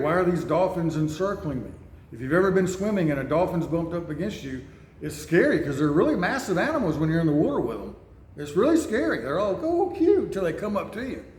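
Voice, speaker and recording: Male storyteller, casual sermon, slightly high voice, roomy reverb. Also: darkish tone. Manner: rambling, conversational storytelling. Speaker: speaker. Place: church building. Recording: echoey room, faint noise.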